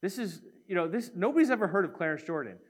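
A man gives a sermon at a fast clip in a high-pitched voice, animatedly telling a story and acting out how each person in it sounds.

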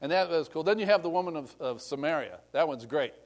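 High, lively-voiced male preacher. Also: fast talker. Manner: conversational, acts out scripture scenes in voices. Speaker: pastor. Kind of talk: sermon.

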